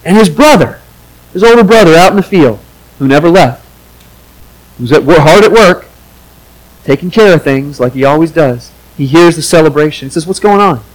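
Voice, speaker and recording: High-voiced man preaching a sermon. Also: expressive, moderate pace, long pauses, rough recording. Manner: earnest preaching, acts out quoted voices with rising pitch. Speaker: pastor.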